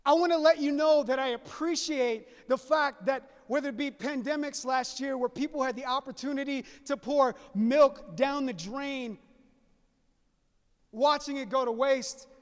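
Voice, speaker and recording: In a reverberant hall, a Southeast Louisiana man delivers a folksy keynote full of stories, calling the crowd y'all. His voice sits very high and moves at normal speed.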